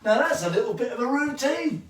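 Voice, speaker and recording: A man's voice: very high voice, big pitch swings, fairly quick, recorded from a distance. A man giving a livestreamed dance lesson, counting the steps aloud while he demonstrates and cheering his viewers on. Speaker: dance teacher. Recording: echoey room, voice from afar.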